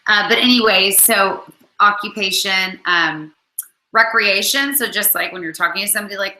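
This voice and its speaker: In a casual video for her followers, a network marketing coach speaks at a moderate pace in a mid-range, pushed, bright voice. She's chatty and full of "um" and "like" fillers while fighting hiccups. The audio is poor, with an echoey room.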